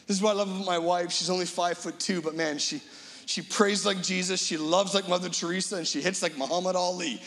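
A man's voice: high voice, fairly quick, creaky, fairly bright tone, in a large hall. A middle-aged male guest preacher giving a dramatic storytelling sermon, acting out imagined voices.

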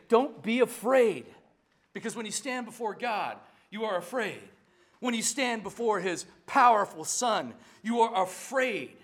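Animated high-voiced male pastor preaching. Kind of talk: sermon.

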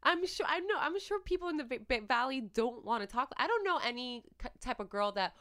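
A woman's voice: high-pitched, animated, a little fast, bright, forceful tone. A woman, co-hosting a casual chat, blunt and opinionated with lots of "like". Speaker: podcast co-host.

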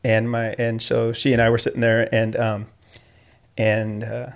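A middle-aged man with a gravelly, fry-edged voice chats casually on a podcast. He tells stories about his work as a coach and PE teacher. He circles back on himself often, with many "ums" and restarts. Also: medium pitch, monotone, unhurried. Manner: rambling, with frequent fillers and restarts, laughs often. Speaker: high school PE teacher and coach.

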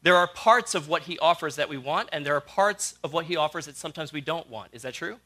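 A middle-aged man gives a sermon in a bright, forceful voice that sits a little high for a man. He retells a story with animation and acts out the characters' lines. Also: animated, fast talker. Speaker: guest preacher.

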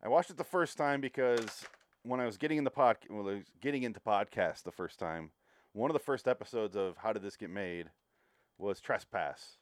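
A man's voice: fairly low pitch, lively intonation, a little fast, no room sound. A man co-hosting a casual movie podcast, talking in a sardonic, profane way. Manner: profane, sardonic, mocks scenes with put-on quotes. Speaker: podcast co-host. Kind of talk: casual movie review chat.

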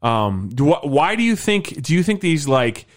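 A man's voice: a little high, very animated, normal speed. Chatty male podcast co-host. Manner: chatty, lots of agreeing backchannel. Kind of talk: casual TV discussion.

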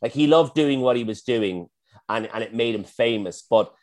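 A man's voice: medium pitch, moderate pace, darkish tone. A middle-aged man, a chef, talking casually and self-effacingly in an interview, often restarting his sentences. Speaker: chef and guest.

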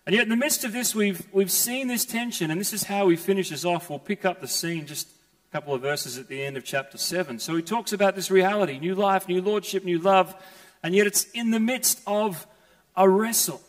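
A man's voice: high-pitched, normal speed. A man preaching a sermon as pastor, earnest and emphatic, often restarting his phrases. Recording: long hall reverb.

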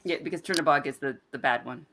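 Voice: medium pitch, quick pace, pushed and bright, a little hiss or hum. A podcast co-host in casual chat, speaking hesitantly and trailing off while explaining myths.

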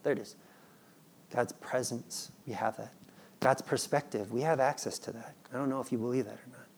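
A man in his thirties, a father, preaching a sermon in an animated, playful way and acting out his children's pleading. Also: mid-range voice, normal speed, a little hiss or hum. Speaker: pastor.

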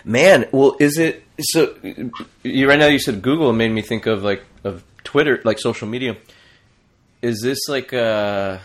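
A man's voice: mid-range voice, measured pace. A man in casual podcast chat, hesitant and wry, reading posts aloud with many restarts.

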